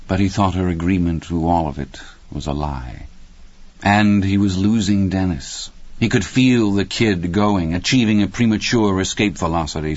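A man narrating an audiobook in a measured, steady reading. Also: sits low, no echo. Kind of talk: scripted narration. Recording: dry, slightly muffled studio recording.

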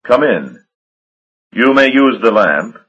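A man's voice: mid-range voice, very animated, fairly bright tone, slightly rough, highs cut off, voice pushed up, exaggerated voice. A man voicing Julian, a menacing vampire master. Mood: cold menace. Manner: silky, menacing, unhurried. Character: cold, commanding elder male vampire master.

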